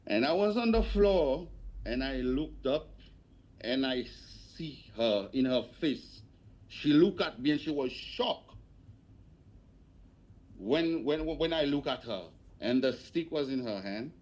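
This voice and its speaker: A man gives testimony to an inquiry, talking very slowly and haltingly, often repeating words and restarting. His voice sits at an ordinary pitch for a man, and it comes through a dull, lo-fi broadcast feed. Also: expressive, darkish tone. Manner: halting, repetitive, hesitant. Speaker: witness at an inquiry. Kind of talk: spoken testimony.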